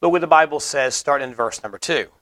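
A man delivers a sermon with earnest conviction, his voice sitting somewhat high for a man. He explains scripture plainly and drives points home by repeating them. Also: fast talker, a bit bright. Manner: earnest, explanatory preaching with emphatic repetition. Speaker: preacher.

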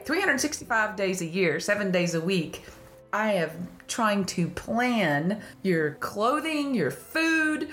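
A woman with a Southern country accent hosting a casual faith-based podcast, laughing often and telling stories with animation. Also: medium pitch. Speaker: podcast host.

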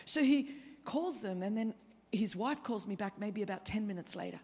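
An Australian woman in her fifties preaching a sermon, telling her own story with lively humorous asides. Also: mid-range voice, normal speed, breathy edge. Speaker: guest preacher. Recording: reverberant hall.

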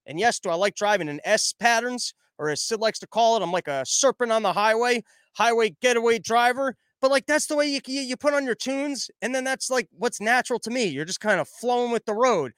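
A man's voice: very high voice, brisk, clear, resonant tone, no room sound. A young man hosting a podcast, telling a rambling comic story and acting out the people in it. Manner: rambling, animated, acts out quoted voices. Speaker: podcast host. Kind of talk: casual comedic storytelling.

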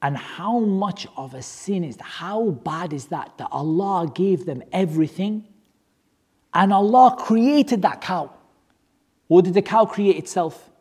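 A religious teacher telling a story to a class, animated and joking, asking many rhetorical questions. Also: medium pitch, a little slow, breathy edge.

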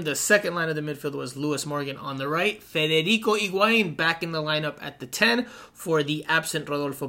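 Male podcast co-host, bright and slightly high voice, upbeat and jokey, casual sports talk. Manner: upbeat, jokey, laughs often.

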